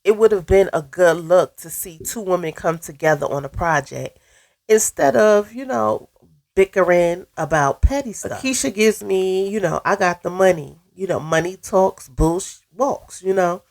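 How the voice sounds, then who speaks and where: A woman's voice: lowish voice, normal speed, darkish tone. A woman with a stuffy cold voice, giving a blunt, sassy recap of a reality show and tagging her points with "okay?". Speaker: recap vlogger. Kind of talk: casual opinionated recap.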